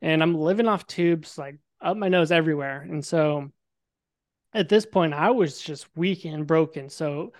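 A man's voice: a little high, measured pace. A young man, a podcast guest, telling his story casually and vividly, swearing freely and acting out what people said. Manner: animated, swears freely, acts out quotes.

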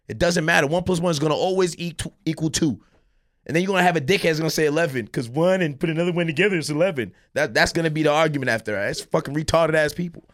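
Fast, emphatic man arguing hard. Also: fairly high pitch, fairly bright tone, no echo, studio quality. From Miami, Florida. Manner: emphatic, argumentative, profane. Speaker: guest. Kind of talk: heated podcast debate.

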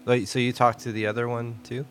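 A man's voice: mid-range voice, flat delivery, brisk, fairly bright tone, slight background noise. A man co-hosting a podcast, chatting casually and reacting readily to spooky stories. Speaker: podcast co-host. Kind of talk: casual chat.

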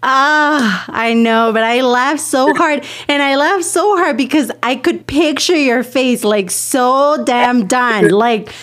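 A woman's voice: high-pitched, slow pace, hardly any pauses, fairly bright tone. A woman hosting a podcast in casual chat, laughing often and giving short reactions. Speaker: podcast host.

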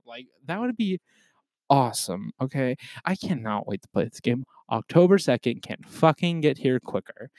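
A young man hosting his own podcast, ranting in a casual, excitable way, with lots of swearing and sudden loud outbursts. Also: medium pitch, moderate pace, dry recording. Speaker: podcast host. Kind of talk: casual solo rant.

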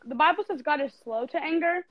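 A woman's voice: high-pitched, a little fast, no room sound. A woman co-hosting a casual faith podcast, interjecting and joking. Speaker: podcast co-host. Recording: dull lo-fi sound.

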